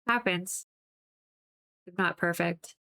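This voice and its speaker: A woman's voice: on the low side, slow pace, sharp tone. Giggly rambling woman streamer. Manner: rambling and giggly, with many "like" fillers. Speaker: livestreamer painting on stream. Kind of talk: casual chat with viewers.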